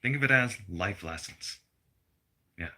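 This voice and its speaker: A man's voice: lowish voice, expressive, unhurried, pushed and bright. A middle-aged man delivering a blunt, profane personal rant to his viewers. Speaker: vlogger.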